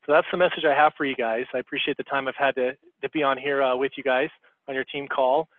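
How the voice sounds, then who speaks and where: A man's voice: mid-range voice, fairly even intonation, fast, no room sound. A man giving a motivational talk as a guest speaker on a team call, coaching his listeners and checking in with "okay?". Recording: tinny phone line.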